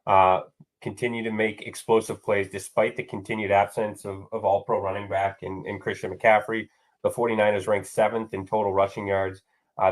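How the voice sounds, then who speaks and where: A man co-hosting a casual sports talk show, halting through fillers as he reads team stats. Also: lowish voice, low-quality recording. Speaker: show co-host.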